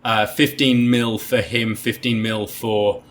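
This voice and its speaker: A man's voice: lowish voice, level tone, slow, a bit bright, a little hiss or hum. A man co-hosting a casual film review chat, adding details and asking questions. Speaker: podcast co-host, film reviewer.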